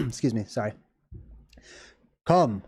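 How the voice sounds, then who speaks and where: A man hosting a casual talk video, reading a passage aloud and breaking off into rambling, excited asides. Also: fairly high pitch, no room sound, studio quality. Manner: rambling, animated asides with laughs and restarts. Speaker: video host. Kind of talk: casual lecture reading and commenting on scripture.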